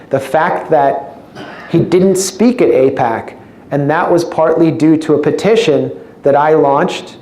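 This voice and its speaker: A man's voice: fairly high pitch, mellow. Wry man lecturing in an echoey room. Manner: wry, sarcastic humor. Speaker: invited speaker. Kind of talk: public lecture. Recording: echoey room with faint noise.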